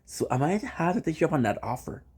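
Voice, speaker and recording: A man's voice: on the high side, sing-song, quick pace, darkish tone, husky. A man streaming live and chatting casually with his viewers, playful and teasing, often repeating the same phrase several times in a row. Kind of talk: casual chat.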